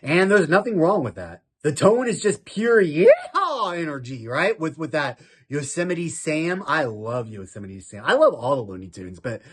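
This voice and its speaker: A man's voice: a little high, sing-song, normal speed, hardly any pauses, breathy edge. A man hosting a casual film review show, talking in a giggly, self-mocking way and often breaking into laughter.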